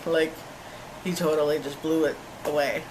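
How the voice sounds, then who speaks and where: A young woman eagerly telling a casual story, animated and laughing as she goes. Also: low voice, normal speed, background noise. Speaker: concert-goer. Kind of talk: casual chat.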